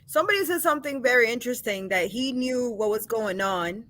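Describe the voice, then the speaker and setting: A woman's voice: on the high side, lively intonation, fairly quick, a bit bright. A woman chatting on a call-in show, speaking hesitantly and trailing off mid-thought. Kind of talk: casual call-in show talk.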